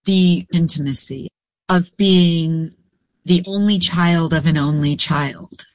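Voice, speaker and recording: A woman being interviewed, telling her story in a reflective, unhurried way. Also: lowish voice, no room sound. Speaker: guest.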